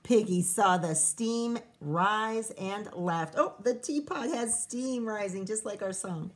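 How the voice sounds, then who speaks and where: A woman teacher reading a storybook aloud to children, pausing to chat and ask them questions. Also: mid-range voice. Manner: chatty, asks children questions.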